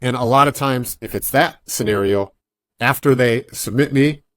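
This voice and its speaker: This podcast interviewee, a jiu-jitsu coach, speaks at a moderate pace in a mid-range voice on a dry recording. His casual storytelling is lively, and he mimics the voices of people in his anecdotes.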